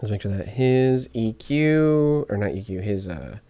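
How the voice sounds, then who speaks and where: A man walking through podcast audio editing out loud, chatty and joking to himself as he works. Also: fairly low pitch, animated, a little slow, dry recording. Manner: chatty, jokey asides while working. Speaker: podcast editor streaming his editing session. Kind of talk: casual on-screen tutorial talk.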